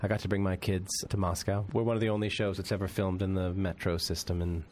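Low-voiced American man, jokey guest. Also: fast, slight background noise. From United States. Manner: relaxed, jokey. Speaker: actor guest. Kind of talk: casual interview chat.

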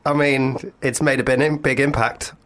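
A man's voice: mid-range voice, flat delivery, moderate pace, a bit bright. A man co-hosting a casual comedy chat, playful and self-mocking. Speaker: podcast co-host.

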